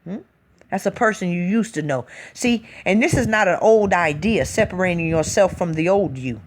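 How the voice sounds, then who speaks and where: A woman's voice: lowish voice, moderate pace, slight background noise. A woman hosting a spiritual talk, speaking in an emphatic, preachy casual style and often tossing in a rhetorical "hmm?". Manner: reads out listener comments.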